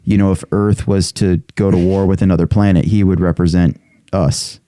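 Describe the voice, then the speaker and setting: A man's voice: deep voice, level tone, moderate pace, mellow, no room sound, studio quality. A young man co-hosting a podcast, chatting in a crude, candid, rambling way. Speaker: podcast co-host. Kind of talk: casual chat. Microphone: studio podcast mic.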